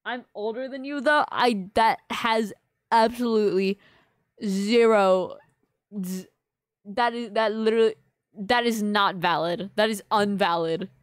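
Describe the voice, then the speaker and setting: A woman's voice: medium pitch, measured pace, no room sound. A woman streaming live, chatting casually with her viewers and teasing them in a playful, mock-offended way. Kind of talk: casual livestream chat with viewers.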